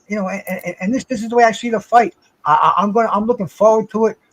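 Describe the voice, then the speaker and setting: A man's voice: sits high, fairly even intonation, quick pace, low-quality recording. A man on a panel chat who stammers and repeats his words.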